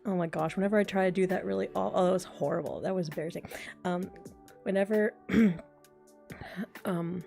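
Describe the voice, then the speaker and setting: A woman's voice: fairly low pitch, steady tone, a little fast, vocal fry, pauses often, mellow, soft background music. A woman in her thirties chatting casually and rambling on a livestream, often making fun of herself. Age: 30s. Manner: chatty, rambling, self-deprecating. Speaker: voice actor and streamer.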